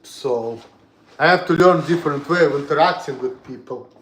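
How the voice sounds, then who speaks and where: A young Russian man with a Russian accent rants bluntly and profanely to his livestream, repeating himself as his volume swings between loud and soft. His voice sits a little high, and he talks at a moderate pace.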